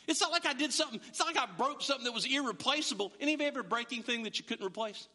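High, bright-voiced man preaching. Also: racing, few pauses, big-room sound. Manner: animated preaching, acts out listeners' voices. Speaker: pastor. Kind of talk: sermon.

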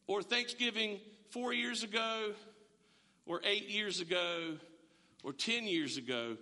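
A middle-aged man preaching a sermon in a lively, conversational way, often restarting his sentences. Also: high voice, slow. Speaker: pastor. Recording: reverberant church hall.

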